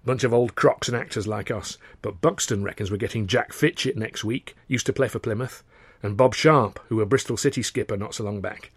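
Man putting on a footballer, cool, persuasive, steady. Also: fairly low pitch, brisk, breathy edge, dry recording.

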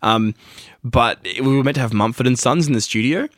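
A man's voice: medium pitch, a little fast, dry recording. A man chatting casually, telling rambling stories full of fillers and acted-out quotes. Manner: rambling storyteller, many fillers, acts out quotes. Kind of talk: casual chat.

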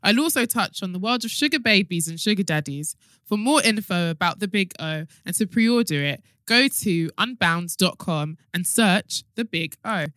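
A woman author reading a scripted promotion for her book, measured and emphatic as she poses questions. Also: mid-range voice, animated, fairly bright tone, no echo.

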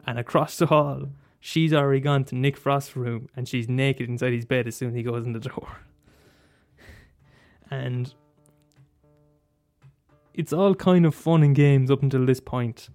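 Guy, casual film vlog, loose and chatty, restarts a lot, middle pitch. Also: fairly even intonation, a little slow, long pauses, a little mellow, faint music behind. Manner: rambling, frequent restarts, swears casually, laughs often. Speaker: film commentator. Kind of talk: casual monologue.

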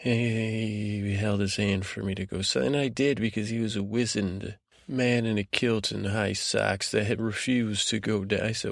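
A man hosting a podcast, telling a meandering bedtime story with many halting restarts and digressions. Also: lowish voice, level tone, vocal fry, no echo, studio quality.

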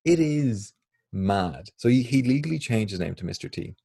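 Low husky podcast co-host. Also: male voice, lively intonation, moderate pace, mellow, dry recording, studio quality. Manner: rambling, laid-back storytelling. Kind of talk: casual chat.

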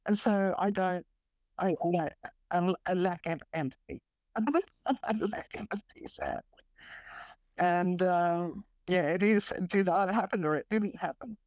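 A woman's voice: on the low side, unhurried, darkish tone, no echo. A woman guest on a podcast interview, speaking bluntly and matter-of-factly and laughing at herself. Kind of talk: casual interview chat.

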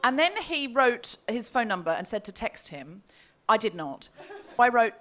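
Lively high-pitched woman telling a comic story. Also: moderate pace, slight background noise. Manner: animated, reads out messages with relish. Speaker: comedian telling a story on stage. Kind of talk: live comedy podcast storytelling. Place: comedy festival stage before a live audience.

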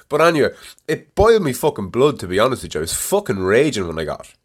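A middle-aged man hosting a podcast, telling a story in a casual, profane and animated way. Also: medium pitch, fast talker. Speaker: podcast host. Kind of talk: casual monologue.

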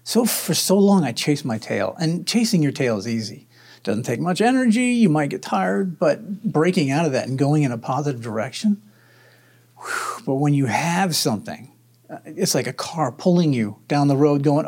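A man's voice: on the high side, animated, normal speed, darkish tone, slightly rough. A man who is a veteran, telling his personal story in an interview in an earnest, upbeat way. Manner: earnest, upbeat, acts out his own inner voice.

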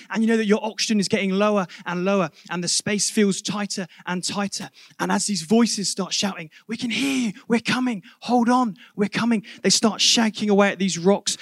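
A man preaching a sermon, telling a vivid story that swells loud and drops to a hush. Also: fairly high pitch, no room sound, studio quality. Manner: vivid storytelling, building to loud climaxes then dropping to a hush.

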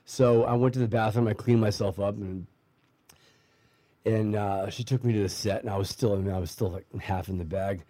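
The voice sits on the low side, steady and mellow, at normal speed with no echo. A middle-aged guest casually unspools a long account of his life, stumbling into restarts and fillers and acting out quoted speech.

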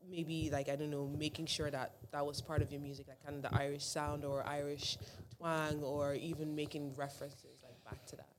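A host leading a casual group discussion, asking probing questions in a quick, loose way. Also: medium pitch, little pitch movement, background noise. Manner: rapid, probing questions, many "like" fillers.

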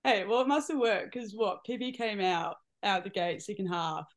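Casting: New Zealand woman, sports podcast host, mid-pitched, animated, slangy, laughs easily. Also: moderate pace. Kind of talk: casual interview chat.

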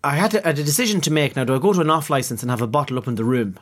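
Husky Irish man telling stories. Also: medium pitch, rapid-fire. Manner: rambling, swearing, storytelling. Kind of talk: casual chat.

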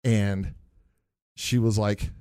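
A man chatting casually on a podcast and telling an animated story, acting out the people in it. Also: lowish voice, extremely slow, clear, resonant tone, dry recording, clean studio sound. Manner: animated storyteller, acts out quoted voices.

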